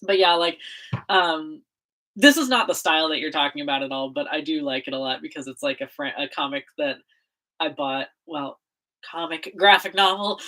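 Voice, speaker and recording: A woman's voice: low-pitched, moderate pace, bright, forceful tone. A young American woman chatting casually on a livestream, bubbly and giggly, full of fillers and laughter. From United States. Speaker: livestream host.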